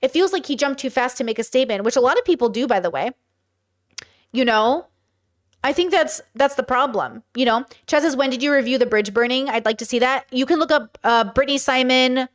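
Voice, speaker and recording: A high-pitched woman talks straight to her viewers in loose, casual commentary. She is chatty and blunt and swears without a second thought. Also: fairly quick. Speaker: podcast host reacting to a clip. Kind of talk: casual commentary, reading chat.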